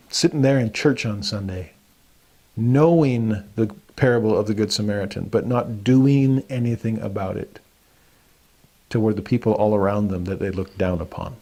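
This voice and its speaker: A man's voice: on the low side, darkish tone. A man giving a Bible lesson who eagerly addresses listeners with questions before reading a passage aloud. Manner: enthusiastic, asks the audience questions. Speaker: religious lecturer.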